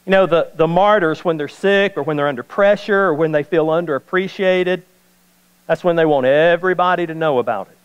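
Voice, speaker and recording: A man preaching a sermon as pastor, folksy and animated, repeating key lines and joking with the congregation. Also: on the high side, brisk, smooth, long reverb tail, low-quality recording. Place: church sanctuary.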